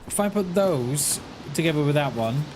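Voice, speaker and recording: A man's voice: on the high side, lively intonation. Rambling man in his forties, noisy audio. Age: 40s. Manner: rambling, halting, with frequent restarts and repeated words; talks back to chat in a friendly, reassuring way. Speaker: gaming livestreamer. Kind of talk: casual livestream chat while playing. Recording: noisy home stream recording.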